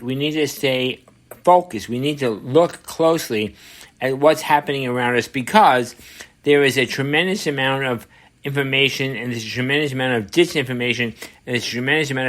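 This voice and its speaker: An older American man hosts his own show and talks straight through a political commentary monologue. He is emphatic and leans on repeated phrases, with plenty of fillers along the way. His voice sits at a middle pitch with a bright, forceful edge. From United States. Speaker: show host.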